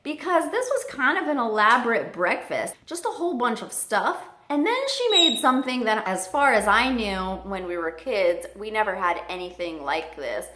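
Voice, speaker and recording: A woman's voice: a little high, big pitch swings, normal speed, hardly any pauses, bright, forceful tone. A woman from the United States telling a casual family story in a chatty way, full of "like". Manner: chatty, filler-heavy with frequent "like". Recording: roomy echo.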